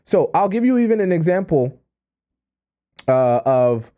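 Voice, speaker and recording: Male livestream advice host with a dark, mellow tone, who talks casually and checks in with the chat. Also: fairly high pitch, very animated, measured pace. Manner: conversational, repeats "right?" and reads chat comments aloud.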